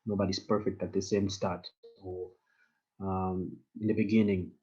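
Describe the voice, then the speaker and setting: A man's voice: sits low, flat delivery, moderate pace, warm tone, slightly rough, lo-fi sound. A man teaching an online German class, patiently repeating phrases for learners to echo over a computer mic on a video call. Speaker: language teacher.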